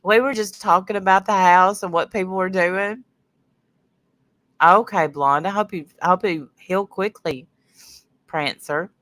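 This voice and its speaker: A sniffly middle-aged woman hosts a casual livestream, her voice set low and heard close and dry. She rambles from one story to the next and breaks off mid-sentence to greet viewers by name. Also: measured pace, pauses often, fairly bright tone, dry recording. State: sniffly from sinuses. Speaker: livestream host.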